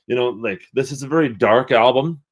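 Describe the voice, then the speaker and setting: A man's voice: medium pitch, fairly quick. A man who is a guest on a music podcast, chatting casually and eagerly sharing what he knows. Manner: chatty, eager to share knowledge. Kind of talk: casual chat.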